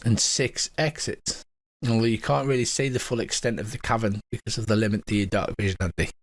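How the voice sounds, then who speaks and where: A man's voice: fairly low pitch, fairly even intonation, fairly quick. A man running a tabletop game as game master, describing scenes casually. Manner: casual, descriptive, swears now and then.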